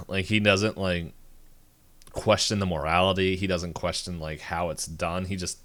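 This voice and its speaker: A man's voice: low voice, steady tone, measured pace, a bit bright. A man co-hosting a podcast, talking casually and rambling with lots of filler words and restarts. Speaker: podcast co-host. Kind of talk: casual chat.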